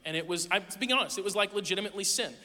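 High, bright-voiced man preaching in a hall. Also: racing. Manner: candid, self-deprecating, lively anecdotes. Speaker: pastor. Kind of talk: conversational sermon storytelling. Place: church sanctuary. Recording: long reverb of a large hall.

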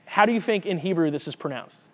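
Man, fairly high voice, conversational sermon, lively, restarts words. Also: fast. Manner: lively, conversational, repeats words while thinking. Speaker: pastor. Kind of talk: sermon with Bible reading.

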